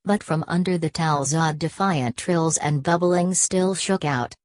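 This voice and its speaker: A woman narrates a novel in a steady, measured way. Her voice is low, and the recording is close and completely dry. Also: no room sound. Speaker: audiobook narrator. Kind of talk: scripted narration.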